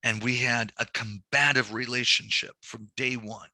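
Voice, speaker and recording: Man, banking instructor, very bright voice, dry close sound, animated storytelling. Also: mid-range voice, normal speed, no room sound. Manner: animated storytelling with quoted dialogue; explains numbers step by step. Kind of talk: recorded training lecture.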